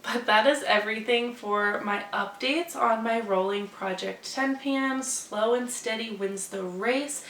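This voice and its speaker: A woman's voice: on the high side, measured pace, hardly any pauses, a bit bright. Congested woman chatting in a roomy space. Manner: chatty, rambling, hopeful. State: congested, stuffy-nosed. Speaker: beauty vlogger. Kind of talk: casual to-camera chat. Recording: roomy echo, mic at a distance, faint ambience.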